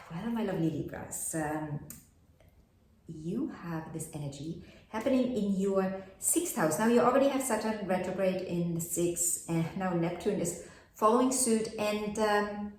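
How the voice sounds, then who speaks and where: A woman's voice: medium pitch, darkish tone, slight background noise. A woman giving a casual astrology forecast, chatty and full of rhetorical questions. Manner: chatty, asks many rhetorical questions, laughs at herself. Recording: very echoey room.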